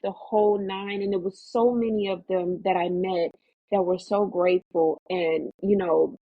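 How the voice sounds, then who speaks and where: A woman tells her story as an interview guest, animated and quick to act out the voices of others. Her voice is low and husky. It comes over a tinny, phone-like remote line with a dry sound. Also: no room sound. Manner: animated storyteller, acts out quotes in a higher voice. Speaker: actress, podcast guest.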